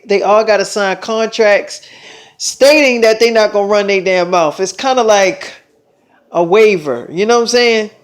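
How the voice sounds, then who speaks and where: A young man telling a long personal story in a rambling, profane way, with lots of fillers. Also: high-pitched. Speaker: vlogger. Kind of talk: casual storytelling monologue.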